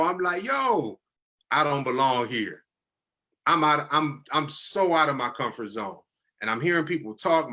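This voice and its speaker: A man's voice: medium pitch, pushed and bright. A man in his thirties earnestly telling a personal story in casual conversation, growing teary-eyed as he speaks. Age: 30s. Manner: earnest, conversational, drops into quoted voices.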